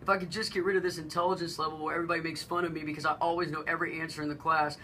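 Low-voiced woman, bright and animated. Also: very fast, a little hiss or hum, rough recording. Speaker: radio co-host. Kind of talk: casual radio talk.

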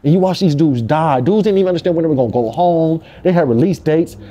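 A man's voice: on the high side, fast talker, dark tone. A man from Compton speaking in a candid interview, emphatic and full of street slang and profanity. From Compton, California.

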